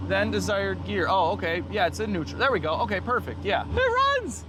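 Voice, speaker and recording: Guy vlogging a car repair outside, kinda high voice, hyped and jokey, lots of background noise. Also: brisk. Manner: excitable, jokey, talks to viewers. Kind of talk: casual running commentary while wrenching. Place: outdoors in the sun.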